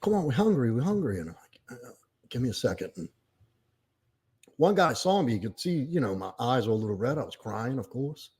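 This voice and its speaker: A middle-aged man telling a painful personal story on a podcast, halting and choked up at times. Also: medium pitch, animated, darkish tone, slightly rough.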